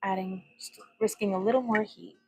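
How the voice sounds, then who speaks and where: A woman's voice: mid-range voice, steady tone, normal speed, mellow, husky, soft background music, poor audio. A young woman hosting a casual glass bead livestream from her home workbench, chatting and rambling as she greets viewers. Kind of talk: casual craft demonstration livestream.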